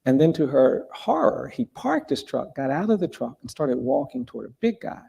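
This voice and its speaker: A man speaking as a guest at a live event, telling a story in a measured, deliberate way with pauses. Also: fairly high pitch, big pitch swings, creaky, mellow, slightly rough. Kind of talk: earnest storytelling in a live conversation. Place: event hall before a live audience.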